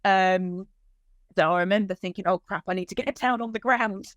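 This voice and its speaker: A woman's voice: medium pitch, moderate pace, no room sound, lo-fi sound. Woman retelling an emotional story. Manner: animated retelling with quoted dialogue, voice lifting when moved. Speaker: dog owner telling her story.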